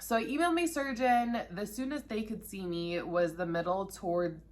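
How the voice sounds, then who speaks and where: This woman in her thirties talks at medium pitch and normal speed as she recounts her cancer experience on her vlog. She is open and conversational with the camera, and emotion often comes through.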